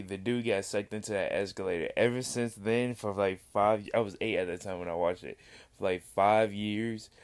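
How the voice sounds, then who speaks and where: A young man with a fairly low, smooth voice gives casual reaction commentary in a dry, close sound. He has the hiccups. His talk is loose and rambling, full of restarts. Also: no room sound. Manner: rambling, loose, self-interrupting. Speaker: reaction vlogger.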